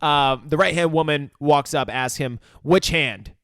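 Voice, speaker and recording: A man's voice: on the high side, fairly even intonation, moderate pace, a bit bright, clear, resonant tone, dry recording. A young man with a slightly raised voice narrates a film's plot to his podcast partner. He swears freely and slips into the characters' lines. The recording is dry and close-miked. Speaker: podcast co-host. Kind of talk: casual movie recap chat.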